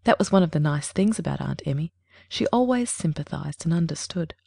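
A woman narrating a storybook at a measured pace. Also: low voice, animated, vocal fry, dark tone, dry recording.

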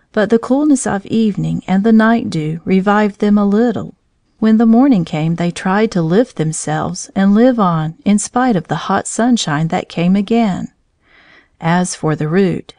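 A woman reading a children's story aloud, in a gentle, clear storytelling manner. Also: medium pitch, no echo, studio quality.

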